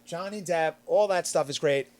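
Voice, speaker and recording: A middle-aged man from Long Island, chatting on a podcast and telling a story with lively, acted-out quotes. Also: normal speed. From Long Island, New York. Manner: animated, acts out quotes with big swings in pitch and loudness. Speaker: podcast panelist. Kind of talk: casual storytelling chat.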